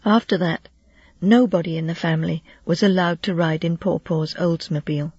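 A husky, slightly breathy narrator reads a children's novel aloud with steady storytelling and light character touches. The sound is close and dry, on a dull lo-fi recording. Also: mid-range voice, normal speed, no room sound. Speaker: audiobook narrator.

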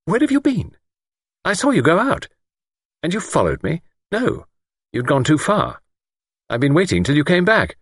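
A man reading an audiobook, voicing a sharp, impatient young woman in a raised, brisk voice. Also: on the high side, huge pitch swings, no room sound, clean studio sound, voice pushed up, full character voice. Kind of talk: audiobook character voice.

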